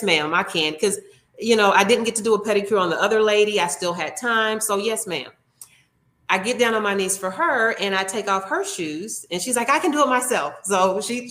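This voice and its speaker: A woman's voice: mid-range voice, a bit bright. A woman in a mid-range voice tells an earnest, heartfelt story as an interview guest. She describes her work as a nail technician and acts out what people said along the way. The room around her rings with a noticeable echo. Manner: earnest and heartfelt, with frequent restarts and acted-out quotes.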